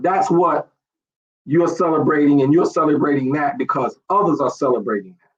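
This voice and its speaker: Fiery pastor with a lo-fi sound. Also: male voice, fairly high pitch, normal speed. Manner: rhetorical questions, repeats phrases, chuckles while preaching. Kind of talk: online sermon teaching. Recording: dull lo-fi stream audio.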